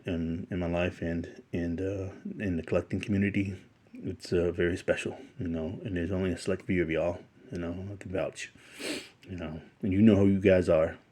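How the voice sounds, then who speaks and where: A middle-aged man unboxing a gift on his collecting vlog, emotional and halting, full of fillers and restarts. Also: low-pitched, darkish tone. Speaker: toy collector YouTuber.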